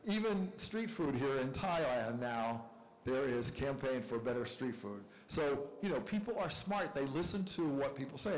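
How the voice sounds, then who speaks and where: A man's voice: medium pitch, low-quality recording. An older man giving a university lecture in a chatty, joking way, often asking the audience questions. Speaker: visiting professor lecturing.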